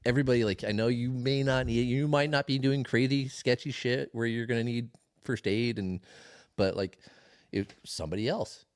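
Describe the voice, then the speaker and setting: A man co-hosting a podcast, telling a story in a casual, animated way, swearing often. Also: mid-range voice, normal speed, no echo, studio quality. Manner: swearing, animated retelling with laughs. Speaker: podcast co-host.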